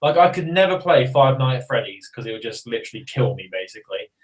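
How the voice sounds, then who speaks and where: A man's voice: medium pitch, very animated, fast talker, poor audio. A man, co-hosting a podcast in a casual, rambling, jokey chat. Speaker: podcast co-host.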